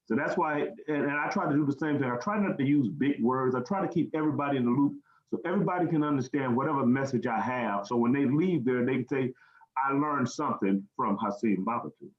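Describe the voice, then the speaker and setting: A man's voice: medium pitch, quick pace. An American man giving earnest, plain-spoken interview answers, often repeating a word while he searches. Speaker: guest speaker. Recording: roomy, dull lo-fi sound.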